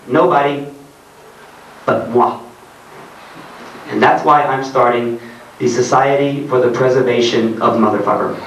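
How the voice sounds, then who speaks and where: A man's voice: medium pitch, fairly bright tone, a little hiss or hum. A man reads his comic writing aloud to an audience in a sardonic, ranting way and laughs at his own lines. His voice comes from a distant mic and echoes around a live hall. Faint room ambience sits underneath. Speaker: author reading his own work. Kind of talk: comedic reading to a live audience. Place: arts centre hall in Germany.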